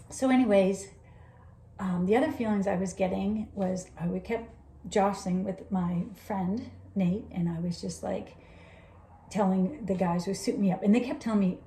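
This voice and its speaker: Woman, casual storyteller, animated and rambling, mellow tone, echoey room. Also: mid-range voice. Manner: animated, rambling, laughs often, acts out quoted dialogue. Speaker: vlogger recounting a personal experience. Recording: roomy echo.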